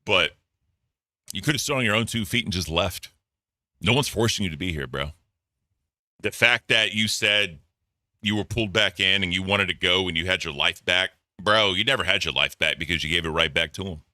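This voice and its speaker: Blunt, profane low-voiced man. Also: normal speed, dry recording, clean studio sound. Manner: blunt, profane, animated ranting. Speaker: commentary host. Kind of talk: casual commentary and review.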